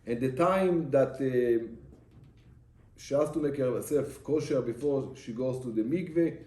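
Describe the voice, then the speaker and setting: A man's voice: mid-range voice, measured pace, warm tone. A man who is a rabbi, giving an emphatic, repetitive sermon in English and mixing in terms. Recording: echoey room.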